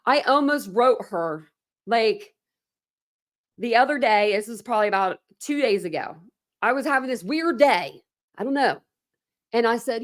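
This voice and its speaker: A woman hosting a true crime channel, giving heated commentary on online drama. She swears freely, repeats herself when worked up, and reads documents aloud in a slow mocking tone. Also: on the high side, animated.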